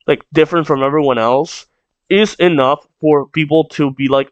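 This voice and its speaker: A man's voice: on the high side, fairly even intonation, normal speed, smooth, dry recording, muffled recording. A man reading a comic aloud and reacting, rambling and thinking aloud as he goes. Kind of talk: casual read-along reaction.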